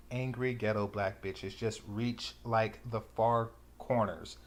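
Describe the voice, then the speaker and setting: Lower-voiced man, sarcastic reaction host, loose rambling delivery with lots of fillers. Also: fairly even intonation, slow pace. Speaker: commentary channel host. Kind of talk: reaction commentary.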